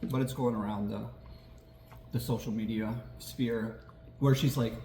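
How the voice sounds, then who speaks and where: A man hosting a casual political chat, animated and quick to laugh, swearing and acting out quotes as he talks. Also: mid-range voice, reverberant, slight background noise. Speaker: podcast host.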